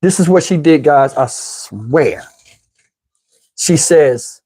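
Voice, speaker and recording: A middle-aged man telling a comic story, animated, with loud outbursts while acting out quotes. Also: fairly high pitch, takes it slowly, breathy edge. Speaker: comedian. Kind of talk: stand-up storytelling.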